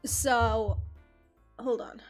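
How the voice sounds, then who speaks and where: A woman whose first language is German chats casually on stream, rambling and giggling at her own stories. Her voice sits a little high, and soft music plays faintly in the background. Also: steady tone, drawn-out words. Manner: rambling, giggly, self-deprecating. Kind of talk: casual chat with stream viewers.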